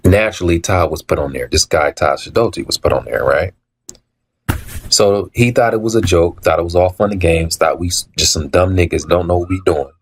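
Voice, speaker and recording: A man with a low, husky voice recounts his story in a casual, unscripted monologue. He repeats phrases for emphasis, acts out the dialogue he quotes, and often stops to clear his throat. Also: fairly quick. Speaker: litigant telling his story.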